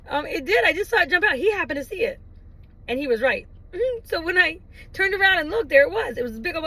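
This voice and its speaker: A woman's voice: extremely high pitch, quick pace, poor audio. A middle-aged woman chatting casually to camera, telling a story with laughs and squealed quotes. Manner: animated, laughing storyteller who acts out her own squeals. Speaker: vlogger. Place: in a parked car.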